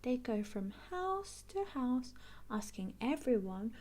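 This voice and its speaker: A woman reading a picture book aloud to children. She takes her time, her pitch sweeping up and down with storyteller flair. Slightly high, warm and unhurried. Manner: animated, expressive, slow and clear. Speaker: storybook reader.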